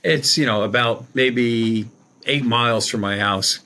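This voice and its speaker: A man's voice: medium pitch, unhurried, bright, forceful tone, slight background noise. A middle-aged man telling a personal story as a podcast guest, in a colloquial, rambling way, acting out the dialogue he quotes. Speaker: guest, psychic medium. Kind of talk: conversational storytelling.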